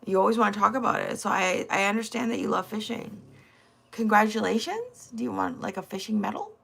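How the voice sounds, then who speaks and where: A woman's voice: mid-range voice, expressive, brisk, gravelly, a bit bright, husky. A woman hosting a casual livestream, sassy and blunt, teasing her chat and swearing freely. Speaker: livestream host.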